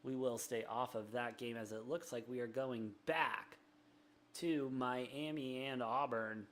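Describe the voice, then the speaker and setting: A young man hosts a live sports betting stream, calling plays quickly and bantering between them. His voice sits at an ordinary middle pitch, energetic and chatty. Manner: rapid, energetic play-by-play with self-deprecating banter. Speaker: sports betting show host. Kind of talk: live sports commentary and chat.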